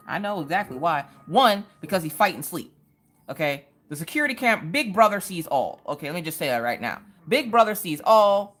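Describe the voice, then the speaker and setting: A talkative woman runs a relaxed livestream, telling stories and greeting viewers by name. Her voice sits low but swings up and down a lot as she talks. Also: a little fast. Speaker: livestream host. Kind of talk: casual livestream chat.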